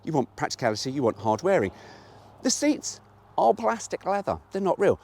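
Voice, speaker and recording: A British man chats through a car review from behind the wheel, rambling and frank, with plenty of swearing. His pitch rises and falls a lot as he talks. He is recorded on a GoPro inside a moving car. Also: very animated, a little fast, darkish tone, husky, no echo. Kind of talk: casual driving vlog. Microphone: GoPro camera.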